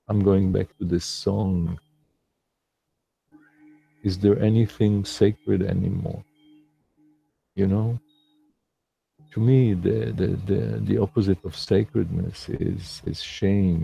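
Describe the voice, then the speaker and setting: Slow husky guy musing on a livestream, low voice, lots of pauses. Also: fairly even intonation, dark tone. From lives in New York City. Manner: slow, reflective, with many pauses and restarts. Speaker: meditation teacher. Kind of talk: livestream talk.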